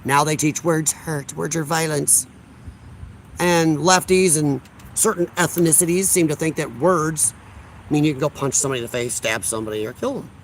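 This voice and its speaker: Male livestream host from Illinois, outdoors, blunt and sarcastic, a touch high-pitched. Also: moderate pace, slight background noise. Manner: blunt, combative, sarcastic, chuckles while reading comments. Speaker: livestream host reading chat. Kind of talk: casual livestream chat. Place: outdoors on a deck.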